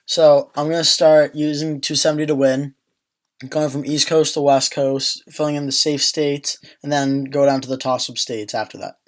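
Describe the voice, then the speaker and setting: A man's voice: a little high, little pitch movement, normal speed. Chatty young man talking election maps. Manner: chatty, thinking aloud with fillers and restarts. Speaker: political prediction video host. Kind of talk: casual commentary over an electoral map.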